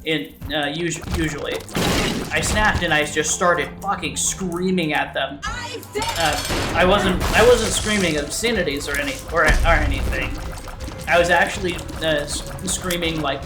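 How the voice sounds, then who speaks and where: Over game music in a roomy-sounding recording, a young man hosting a let's play rambles through a casual story, cursing, restarting often and using many fillers. His voice is fairly high and unhurried.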